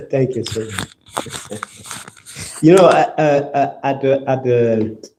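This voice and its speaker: French-accented male class speaker, mellow, halting English, repeats words. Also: medium pitch, slight background noise. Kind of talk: scripture class talk.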